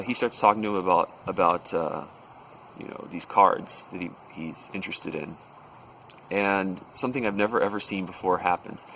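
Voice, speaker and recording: A man telling a workplace story in a casual, animated way, acting out the people in it. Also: deep voice, slight background noise, poor audio. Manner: animated, acts out quoted voices.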